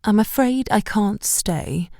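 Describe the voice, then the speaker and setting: A woman's voice: medium pitch, lively intonation, normal speed, dry recording, studio quality, natural voice. A woman reading an audiobook, voicing an easily offended middle-aged mother who speaks in a clipped, affronted way.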